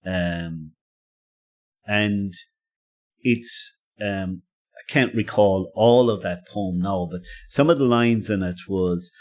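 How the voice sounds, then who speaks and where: Man, low voice, rambling casual storytelling, laughs often. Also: expressive, takes it slowly. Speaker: podcast co-host.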